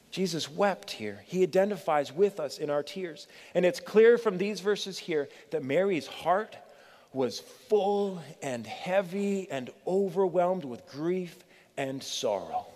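A middle-aged man preaching a sermon as a pastor, earnest and pleading, with dramatic pauses. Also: a little high, a little mellow. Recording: long reverb of a church hall.

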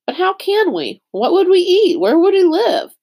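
A woman's voice: high-pitched, expressive, brisk, a little mellow, voice pushed up. Lena, a spirited girl, read by a woman. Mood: eager. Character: spirited, bold girl, young teen.

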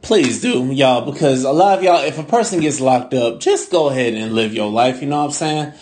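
A man co-hosting a casual podcast chat, telling stories in an animated, profane way. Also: mid-range voice, a little fast. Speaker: podcast co-host.

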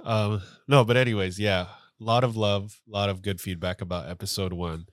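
A man's voice: fairly low pitch, steady tone, a little fast, no echo, clean studio sound. A man co-hosting a podcast in casual chat, stuffy-nosed and rambling with lots of "like". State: stuffy nose. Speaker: podcast co-host.

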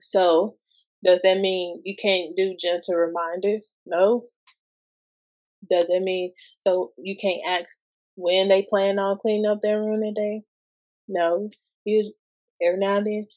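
A woman's voice: fairly low pitch, little pitch movement, a little slow, long pauses, darkish tone, low-quality recording. A woman in her thirties hosting a podcast, talking casually about parenting and asking lots of rhetorical questions in loose everyday speech. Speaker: guest podcast host.

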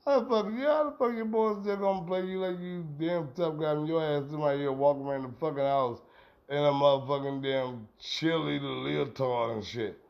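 A middle-aged man rants on a podcast, heated and profane, his talk rambling from point to point. His voice sits high for a man. The recording is dull and lo-fi. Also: brisk, gravelly. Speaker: podcast host. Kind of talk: profane ranting commentary. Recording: dull lo-fi sound.

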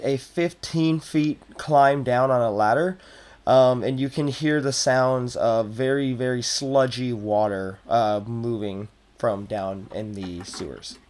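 A young man running a tabletop game as game master, describing scenes in a loose, relaxed way with lots of fillers. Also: medium pitch, slow pace.

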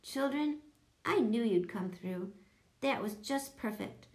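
A woman's voice: on the high side, lively intonation, slow pace, echoey room. Woman doing a jolly school principal. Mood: jovial.

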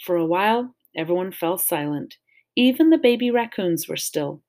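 Woman reading aloud, children's novel, calm, measured, fairly low voice.

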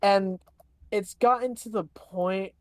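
A woman's voice: medium pitch, slow pace, a little mellow, dry recording. A young woman chatting casually into her own microphone, hesitant and full of filler words. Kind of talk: casual chat.

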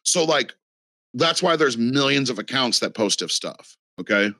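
A man's voice: medium pitch, animated, moderate pace, sharp tone, no room sound. A man talking in a casual podcast chat, rambling and profane with lots of fillers.

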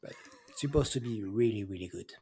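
A man's voice: fairly low pitch, brisk, dark tone, breathy edge. A man co-hosting a casual gaming chat show, offhand and questioning, sometimes searching for words. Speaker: podcast co-host.

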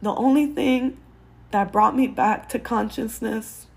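A woman's voice: on the high side, measured pace, vocal fry, darkish tone, husky. A woman podcast host giving personal faith-based advice, earnest and candid, with casual swearing.

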